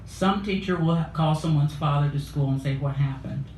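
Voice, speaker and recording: A woman's voice: sits low, moderate pace, a little mellow. A woman telling a wry, humorous story at a cafe open mic. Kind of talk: humorous spoken-word storytelling. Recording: roomy cafe room, faint noise.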